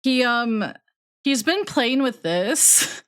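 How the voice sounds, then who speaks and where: A woman's voice: sits high, very animated, slow pace, a bit bright. A young woman streaming, chatting casually while she builds and talking to her cat in a cutesy voice.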